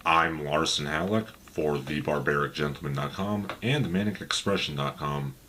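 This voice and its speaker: A man's voice: very deep voice, normal speed, sharp tone, a little hiss or hum. A man hosting a comedic review, with dry, sarcastic commentary. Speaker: video reviewer and host.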